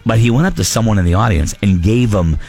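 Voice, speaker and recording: A man's voice: fairly low pitch, fast talker, darkish tone, breathy edge. A man hosting a radio show, bantering in casual, opinionated talk.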